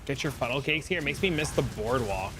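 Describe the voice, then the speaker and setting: A man's voice: medium pitch, animated, fairly quick, music in the background. A man from New Jersey streaming a game, chatting casually and telling long, profane anecdotes. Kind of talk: casual livestream chat and storytelling.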